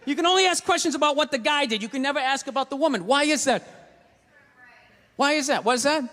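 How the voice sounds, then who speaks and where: A man's voice: extremely high pitch, animated, quick pace, bright, forceful tone. A man performing a live stand-up routine, ranting and exasperated, with lots of profanity. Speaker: stand-up comedian. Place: large comedy venue. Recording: reverberant live venue with audience. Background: audience noise and laughter.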